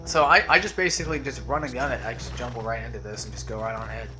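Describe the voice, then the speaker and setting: A man's voice: medium pitch, steady tone, racing, over music. A man giving casual, rambling commentary over a video game playthrough, drifting off on tangents and trailing off into mumbles. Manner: laid-back, trails off into mumbles. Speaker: let's play commentator.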